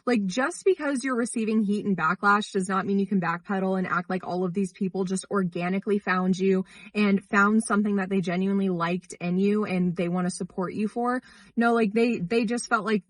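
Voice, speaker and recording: A woman's voice: medium pitch, a little fast, no echo. A woman commentator giving pointed, incredulous critical commentary on a creator's behavior. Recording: dry, slightly distant mic.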